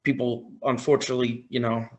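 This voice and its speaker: A man on a podcast as a guest, telling a story in a casual, excited way, often quoting his own reactions. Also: mid-range voice, fairly quick. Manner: excited, retelling with quoted reactions.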